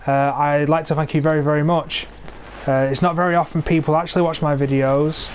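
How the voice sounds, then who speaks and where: A young English man in his twenties, pitched a little higher than most men, talks through a tank match he is streaming. He grumbles and mocks careless teammates in a sarcastic running commentary. His cheap gaming mic picks up a faint hiss of background noise. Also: little pitch movement, brisk. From England. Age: 20s. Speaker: game streamer. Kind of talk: live gameplay commentary.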